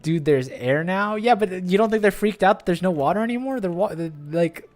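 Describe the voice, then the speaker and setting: Playful male streamer, bright-ish voice, casual game chat, light music bed. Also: high-pitched, a little fast. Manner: playful, chatty, animated.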